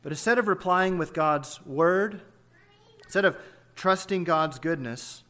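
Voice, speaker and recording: Bright-voiced emphatic male preacher. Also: a little high, measured pace. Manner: emphatic, with rhetorical questions. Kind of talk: expository sermon.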